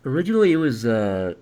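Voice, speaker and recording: Animated, swearing male streamer. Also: mid-range voice. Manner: animated, profane, laughs a lot. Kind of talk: casual livestream chat.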